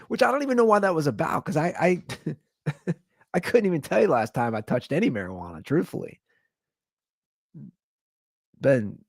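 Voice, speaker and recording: Man, podcast host, casual comedic storytelling, jumps into high quoted voices, dry sound. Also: gravelly, no room sound.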